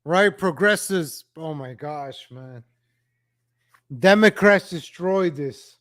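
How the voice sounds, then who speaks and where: Man, high voice, unhurried delivery; exasperated reaction streamer who repeats himself. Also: animated, a bit bright. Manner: exasperated, ranting, repeats phrases. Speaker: streamer reacting to old street footage. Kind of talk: reaction commentary.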